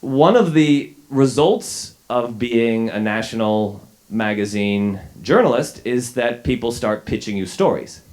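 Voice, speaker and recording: A man's voice: mid-range voice, lively intonation, unhurried, hardly any pauses, darkish tone. Self-deprecating man telling a story onstage. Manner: self-deprecating, wry, with frequent fillers and restarts. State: a little sick, coughing. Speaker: journalist giving a talk. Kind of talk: storytelling talk to an audience. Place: lecture hall with a live audience.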